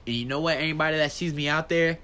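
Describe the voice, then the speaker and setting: Solo podcast host, male, bright, forceful voice, casual and profane, ranting with big animated jumps in pitch. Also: fast talker.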